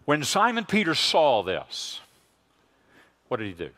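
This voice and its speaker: A man preaching a sermon as pastor, emphatic, swinging from hushed lines to loud exclamations. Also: fairly high pitch, huge pitch swings, measured pace.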